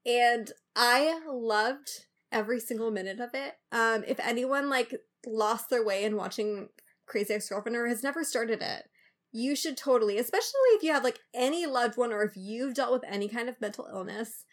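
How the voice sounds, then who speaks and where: A woman's voice: fairly high pitch, moderate pace. A woman co-hosting a podcast in casual chat, ranting animatedly with lots of fillers. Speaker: podcast co-host.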